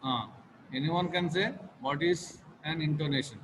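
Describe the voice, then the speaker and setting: Male teacher, halting repetitive lecture, room hiss in the background. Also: on the high side, in a large hall. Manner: repetitive, halting with many fillers. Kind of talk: classroom lecture. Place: classroom.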